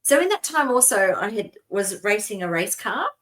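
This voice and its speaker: An Australian woman in middle age co-hosts a relaxed podcast. She tells long personal stories in a meandering, chatty way, often breaking into laughter as she goes. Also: medium pitch, moderate pace. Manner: rambling storytelling with frequent laughs. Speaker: co-host. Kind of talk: casual podcast chat.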